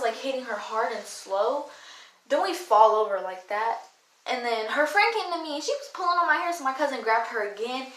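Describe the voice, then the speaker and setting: A young woman with a slightly high voice tells a story in a blunt, slangy, profane way. The room around her is noticeably echoey. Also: a bit bright, slight background noise. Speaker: vlogger. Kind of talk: casual storytelling.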